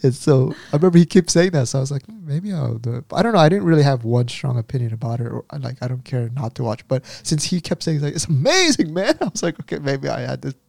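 A man co-hosting a podcast, casually retelling a story in an animated way and acting out the people in it. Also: medium pitch, fast, creaky, hardly any pauses, no room sound. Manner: animated retelling with quoted voices. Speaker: podcast co-host.

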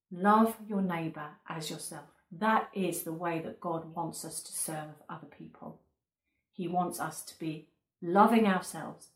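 A woman's voice: lowish voice, darkish tone. A woman preaching a sermon in an earnest, emphatic way, often repeating key words. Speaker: pastor. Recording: echoey room.

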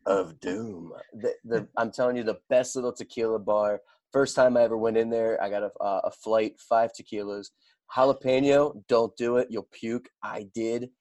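Animated young man, dry close mic. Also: mid-range voice, moderate pace, no echo. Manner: animated storyteller, playful hype. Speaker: podcast co-host. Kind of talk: casual podcast chat.

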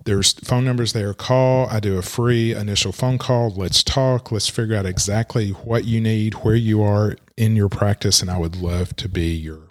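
A middle-aged man with a somewhat low voice gives a relaxed podcast talk as a coach for other lawyers. He speaks conversationally, often stops to ask "okay?", and now and then acts out what callers told him. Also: moderate pace, hardly any pauses. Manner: conversational, repeats "okay" to check in; acts out quoted callers and caseworkers. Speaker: elder law coach and attorney. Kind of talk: solo podcast monologue.

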